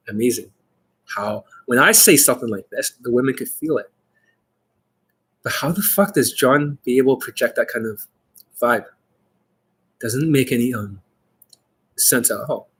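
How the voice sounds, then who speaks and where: A man's voice: mid-range voice, a bit bright, slightly rough. A man working as a dating coach, talking to the camera in a boastful way and swearing a lot. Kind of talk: profane talk to camera.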